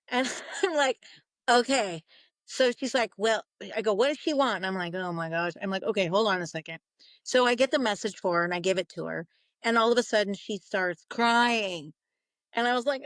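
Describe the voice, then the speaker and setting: A woman's voice: fairly high pitch, normal speed, fairly bright tone, no echo. Female interview guest, chatty storyteller who acts out quotes, dry mic. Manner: acts out quoted voices, laughs often. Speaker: psychic medium guest.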